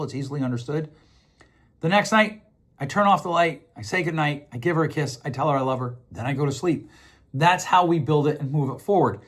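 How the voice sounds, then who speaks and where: A middle-aged man hosting a podcast, talking earnestly through relationship advice in a reflective monologue, often restarting and repeating himself. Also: a little high. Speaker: podcast host.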